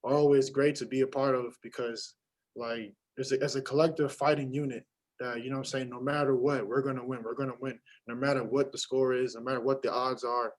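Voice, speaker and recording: A young man, a college basketball player, answering postgame press questions in a halting way with many fillers and restarts. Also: medium pitch, little pitch movement, low-quality recording. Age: young adult.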